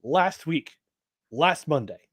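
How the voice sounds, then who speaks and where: A man co-hosts a sports podcast in a fairly high, lively voice. He talks with sarcastic energy and reads statements aloud in a mocking way. The sound is dry and close. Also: slow, dry recording. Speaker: podcast co-host. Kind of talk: casual sports podcast talk.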